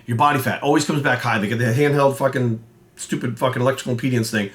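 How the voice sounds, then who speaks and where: A man's voice: medium pitch, steady tone, quick pace. A man, a fitness coach ranting casually and bluntly, swearing often and acting out quoted voices. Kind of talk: casual rant to camera.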